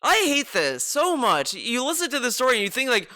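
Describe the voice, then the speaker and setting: Male reaction streamer, mocking, swearing, smooth clear voice. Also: very high voice, fairly quick, few pauses, dry recording, studio quality. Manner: mocking, animated, swearing, exaggerated impressions. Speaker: commentary streamer. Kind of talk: reaction commentary.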